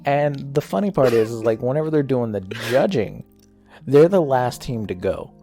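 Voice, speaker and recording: A young man co-hosting a podcast, telling a story in a loose, swearing, lively way. His pitch swings widely as he gets caught up in it. Faint music plays underneath. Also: moderate pace. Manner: animated, profane storytelling, breaks into laughter. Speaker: podcast co-host. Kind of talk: casual chat, retelling a show with acted quotes.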